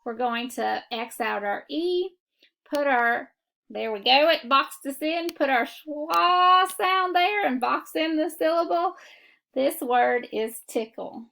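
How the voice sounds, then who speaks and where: Teacher, female, slightly high voice with some fry, slow patient phonics delivery. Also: bright, forceful tone. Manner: slow, deliberate instructional delivery. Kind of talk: phonics lesson for children.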